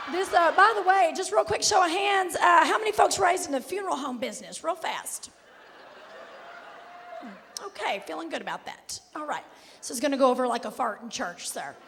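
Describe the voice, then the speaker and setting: Sassy southern lady comic, raspy and high, live in a big echoey hall. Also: lively intonation, normal speed. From Kentucky. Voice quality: raspy, hoarse-sounding voice all the time. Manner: sassy, drawling, loud bursts to the crowd. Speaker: stand-up comedian. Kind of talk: stand-up comedy set. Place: large theater stage. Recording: live stage with hall echo, faint noise.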